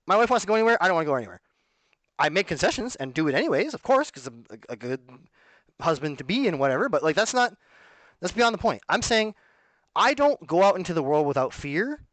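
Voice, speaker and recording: Casting: sarcastic, rambling man, fairly high voice, dry close sound. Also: animated, fast talker, a bit bright, no echo. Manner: rambling, sarcastic, self-interrupting. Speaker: musician and vlogger. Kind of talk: casual rambling monologue.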